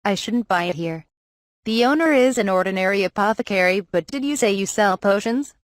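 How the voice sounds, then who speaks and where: A calm, stern twelve-year-old boy apothecary speaks from the pages of a storybook, as a woman reads him. The voice sits in a middle pitch and stays even. The sound is close and dry. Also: a little fast, no room sound, natural voice. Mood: calm, firm.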